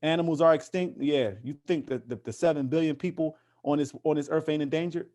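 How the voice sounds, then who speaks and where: A man's voice: fairly high pitch, fairly even intonation, fairly quick, a little mellow. Passionate man with many restarts. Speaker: interview guest, activist. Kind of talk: casual conversational interview.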